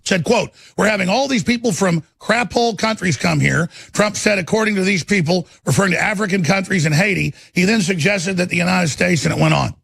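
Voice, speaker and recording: Middle-aged male host with a raised, raspy voice, ranting furiously and repeating himself on a live broadcast. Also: sits high, a little fast, hardly any pauses, a bit bright, no echo. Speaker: talk radio host. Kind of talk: angry political broadcast rant.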